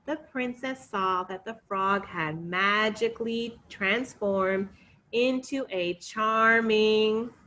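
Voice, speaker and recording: A woman telling a fairy tale to children, expressive and coaxing, inviting them to join in. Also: a little high. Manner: expressive, coaxing, sing-song. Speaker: children's storyteller. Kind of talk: interactive read-aloud for children.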